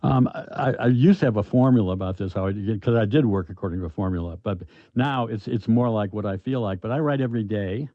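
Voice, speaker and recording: An older man, an author, answering interview questions in a halting, thoughtful way with many restarts. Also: fairly low pitch, no echo. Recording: dull, lo-fi, dry sound.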